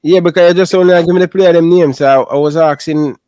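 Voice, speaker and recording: A man's voice: on the high side, fairly even intonation, fast talker, dark tone, no echo. A man hosting a casual football chat, teasing his guests and repeating words as he gets his questions out.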